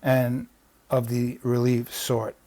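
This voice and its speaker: With a mid-range, slightly mellow voice and fairly even intonation, this New York-accented man moves at a measured pace with no room sound. He reads out legal passages and unpacks them casually, restarting sentences and tossing in asides as a legal strategy instructor.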